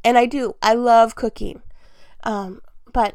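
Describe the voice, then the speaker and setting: A woman in her thirties talks alone into the mic in a relaxed, confessional podcast style. Her voice sits on the higher side, and the sound is dry and close with no room around it. She laughs easily between thoughts. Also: measured pace, no echo. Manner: candid, chatty, laughs often. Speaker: podcast host. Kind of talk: casual solo podcast talk.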